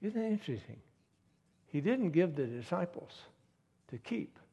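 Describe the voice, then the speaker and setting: A man delivers a sermon, moving between quiet storytelling and emphatic appeals. His voice sits a little high and has a husky edge. The sound carries a long reverb, as in a large hall. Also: very animated, moderate pace. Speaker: preacher.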